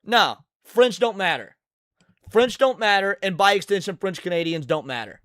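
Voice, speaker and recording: A man's voice: high-pitched, expressive, moderate pace, a bit bright, no echo, clean studio sound. A man streaming a reaction, ranting with heavy swearing and stammered repeats. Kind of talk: profane reaction commentary.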